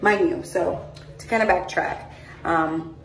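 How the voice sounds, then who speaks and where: A woman's voice: lowish voice, steady tone, a little slow, creaky, a bit bright, slight background noise. A young woman telling a long personal story to her phone camera in a chatty, rambling way, full of "like" and "mind you". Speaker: vlogger. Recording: roomy echo, phone held at a distance.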